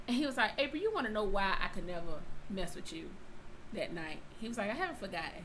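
Animated woman telling a story. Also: medium pitch, quick pace, slight background noise, rough recording. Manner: animated, acts out both sides of dialogue. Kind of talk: casual storytelling chat.

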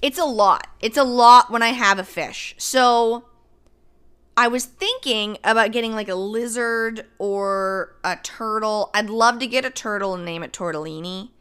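A woman chatting casually, musing slowly and reacting with sympathy. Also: fairly high pitch, a bit bright, clean tone. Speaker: podcast co-host. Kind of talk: casual chat.

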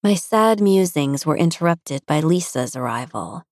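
A woman narrating a first-person audiobook in an intimate, even-paced storytelling manner, recorded close on a studio mic. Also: deep voice, normal speed, no echo.

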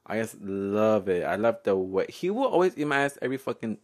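Man, young adult, podcast host, playful, laughing, very lively pitch. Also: fairly quick. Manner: playful, giggly, code-switching, often loud and laughing. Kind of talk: casual solo podcast storytelling.

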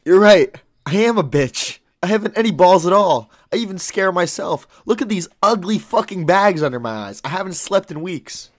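A man's voice: sits high, animated, normal speed, few pauses, voice pushed up. A man voicing a foul-mouthed, boastful cowardly male lion in a comedic read-through, with swaggering, crude threats. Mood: whiny.

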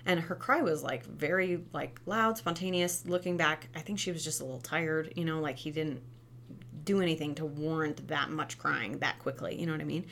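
Young mom, lower register, earnest chatty monologue with "right?" tags. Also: female voice, normal speed, creaky, a bit bright, slight background noise. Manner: earnest, chatty, frequent "right?" tag questions. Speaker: mother sharing parenting advice. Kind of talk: casual monologue.

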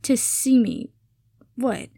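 A woman reading a story aloud, voicing a furious young woman who talks loudly and indignantly. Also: fairly high pitch, slow, vocal fry, no room sound, exaggerated voice. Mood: flustered. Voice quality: loud, indignant.

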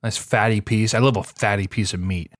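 A man's voice: fairly low pitch, steady tone, a little fast, dry recording, clean studio sound. A young man co-hosting a podcast in casual chat, joking around and slipping into a put-on Minnesota accent, calling people bud. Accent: mock Minnesota accent. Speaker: podcast co-host.

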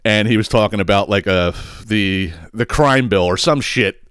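This male podcast host has a lowish, clear, resonant voice with a fairly bright tone, speaking at a normal speed. He rants emphatically about politics, full of swearing and repeated words, in a dry studio-quality recording.

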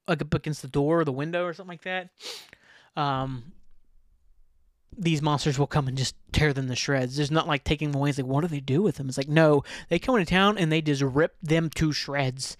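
A man's voice: fairly high pitch, dry recording, studio quality. A man hosting a podcast, chatting casually and rambling with lots of filler words and frequent laughs. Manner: laughs while telling. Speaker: podcast host. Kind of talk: casual chat.

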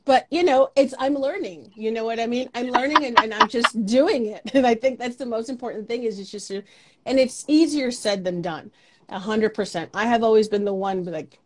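A woman's voice: mid-range voice, a little fast, darkish tone. A woman hosting a podcast in a casual, frank chat, swearing freely and acting out her own doubts. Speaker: podcast host.

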